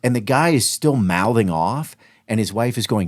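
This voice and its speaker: A man with a fairly low voice, co-hosting a podcast. He retells events emphatically and with animation, cutting in with quick corrections. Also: expressive. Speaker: podcast host. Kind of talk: casual chat.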